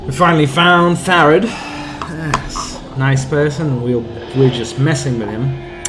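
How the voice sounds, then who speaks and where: A man's voice: medium pitch, fairly even intonation, moderate pace. A man streaming a video game, chatting casually in rambling asides. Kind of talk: casual gaming commentary. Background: game music.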